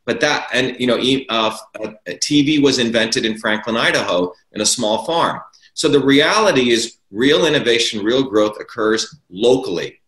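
A man's voice: medium pitch, normal speed, a bit bright. A man arguing his political views as an interview guest, emphatic and repeating key words for stress. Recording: roomy echo.

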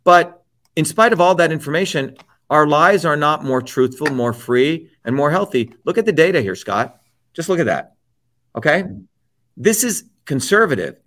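A man with a somewhat high voice rants as a guest on an interview show. His delivery is heated and forceful, full of profanity and repeated jabs. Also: lively intonation, normal speed. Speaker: interview guest, political candidate. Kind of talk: heated political rant.

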